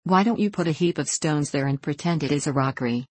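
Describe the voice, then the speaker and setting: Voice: medium pitch, fast, no room sound, natural voice. A reader voicing an impudent seven-year-old boy who mocks and teases scornfully, recorded dry. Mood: mocking. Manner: scornful, mocking.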